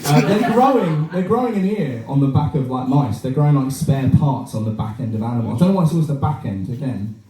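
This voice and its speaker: A man's voice: mid-range voice, animated, quick pace, few pauses, warm tone, a little hiss or hum. A man doing a crude, self-deprecating stand-up set, chatting with the audience in a small bar. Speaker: stand-up comedian. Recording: roomy live sound from a distant mic with audience laughter.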